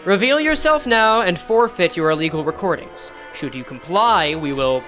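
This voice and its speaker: Officious male enforcer, procedural tone, low and lively, woman voicing. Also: moderate pace, faint music behind. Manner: formal, procedural.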